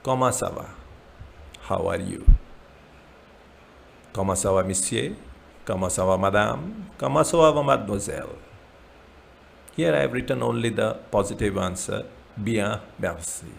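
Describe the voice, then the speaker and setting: Guy teaching beginner french, really slow, lowish gravelly voice, repeats every word. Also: a little hiss or hum. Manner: slow, repeats words with translations. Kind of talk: slow beginner language lesson.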